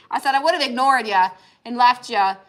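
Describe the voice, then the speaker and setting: A woman's voice: a little high, expressive, moderate pace, fairly bright tone. A woman co-hosting a casual crafting livestream, telling stories with lots of acted-out quotes. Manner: chatty storyteller, acts out quotes. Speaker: livestream co-host. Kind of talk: casual chat while crafting.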